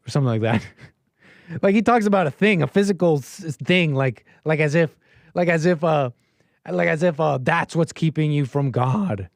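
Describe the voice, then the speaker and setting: A man's voice: on the high side, expressive, moderate pace, vocal fry, no echo, clean studio sound. A man hosting a call-in livestream, reacting to clips in casual, rambling commentary with many fillers and a sarcastic, dismissive edge. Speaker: livestream host taking calls.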